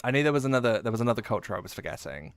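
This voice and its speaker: A man's voice: medium pitch, very animated, rapid-fire, clear, resonant tone, no echo. A man with a mixed Essex and Midlands English accent, chatting casually and jokingly with his live-stream chat while playing a game. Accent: mix of Essex and Midlands English. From England.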